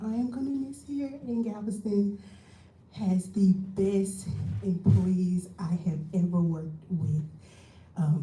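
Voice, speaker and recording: Southern woman, near tears, grateful farewell, mellow voice, distant in a roomy chamber. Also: mid-range voice, a little hiss or hum. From Mississippi. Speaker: retiring city employee. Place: council chamber.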